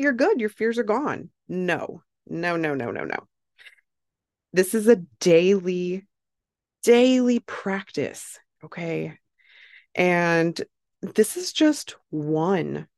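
Female podcast host, measured and unhurried, emphatic and repetitive, recorded dry and close. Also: medium pitch, darkish tone, dry recording. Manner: emphatic, repeats herself, says okay and like often. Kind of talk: casual motivational monologue.

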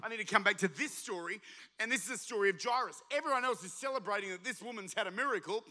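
Man, pastor, passionate sermon, high voice, very bright tone. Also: fast. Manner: impassioned, builds to shouting, acts out voices of the story.

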